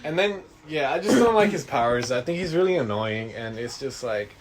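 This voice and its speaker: A man's voice: medium pitch, lively intonation, normal speed, a crowd in the background. A young man co-hosting a casual podcast, rambling with lots of fillers and laughter. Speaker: podcast co-host. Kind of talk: casual chat.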